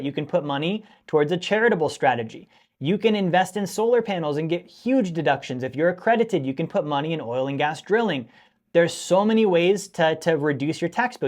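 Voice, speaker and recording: Male host, slightly high voice, lecturing viewers on money, emphatic and scolding. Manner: emphatic, scolding, repeats points for stress. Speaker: finance show host. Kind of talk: direct-to-camera teaching monologue.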